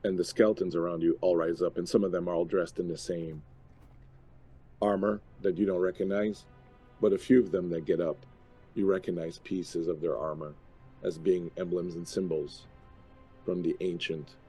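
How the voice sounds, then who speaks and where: A hoarse man who is losing his voice, narrating a tabletop game as dungeon master in slow, measured phrases. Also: sits low, fairly even intonation, mellow, faint music behind.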